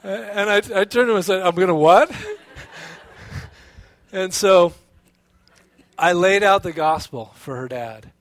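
A man preaching a sermon as pastor, telling a personal story in an animated way with many restarts and fillers. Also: sits high, slow, long pauses, no room sound.

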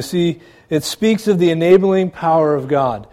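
A man's voice: high voice, moderate pace, hardly any pauses, darkish tone. A man, a pastor, preaching a sermon in a church, conversational, with rhetorical questions and asides to the congregation.

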